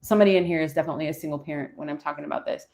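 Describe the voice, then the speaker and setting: Her voice sits low and sounds gravelly yet a little mellow, and she talks at a racing clip. A woman in her forties, she reads tarot live, thinking aloud to her viewers between each card she pulls.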